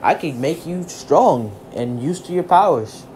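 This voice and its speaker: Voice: medium pitch, animated, a little slow, darkish tone, a little hiss or hum, close to an everyday voice. The narrator voicing a grand adult male hero mentor who speaks formally. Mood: encouraging.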